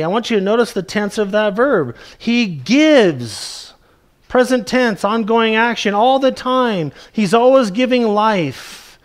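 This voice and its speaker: A male pastor preaching a sermon, slowly and emphatically, stretching out key words for weight. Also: sits high.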